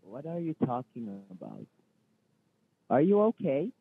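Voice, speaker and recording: A man's voice: mid-range voice, very animated, a little slow, creaky, breathy edge, full character voice. A man playing a defensive male call-center manager, lecturing with many fillers over the phone. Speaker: phone scammer. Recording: tinny phone line.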